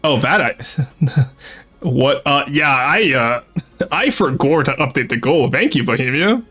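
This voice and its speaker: A man's voice: medium pitch, expressive, a little slow, sharp tone, faint music behind. A French Canadian man streaming a strategy game, rambling and chatty, swearing freely and laughing often. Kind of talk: casual live-stream chat with game commentary.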